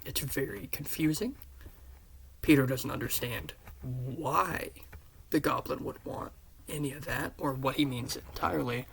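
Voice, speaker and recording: A man earnestly retelling the scenes of a story pitch he wrote, often dropping into hushed half-whispers. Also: measured pace, creaky, a little hiss or hum. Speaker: fan pitching a series.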